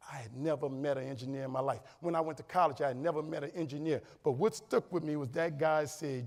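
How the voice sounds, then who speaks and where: Energetic New man, hall echo. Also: fairly high pitch, fast, hardly any pauses. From New Orleans, USA. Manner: lively storytelling, humorous, builds to loud punchlines. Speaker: keynote speaker. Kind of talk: motivational conference speech. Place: large conference hall. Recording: long reverb of a conference hall.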